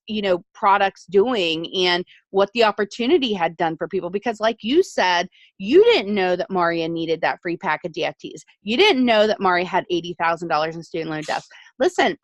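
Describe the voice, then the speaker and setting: A middle-aged woman, once a nurse, earnestly sharing her story with her team over a video call, pausing on ums. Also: medium pitch, dry recording. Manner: earnest, reflective, with frequent ums. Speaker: team leader, former nurse. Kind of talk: motivational testimony on a video call.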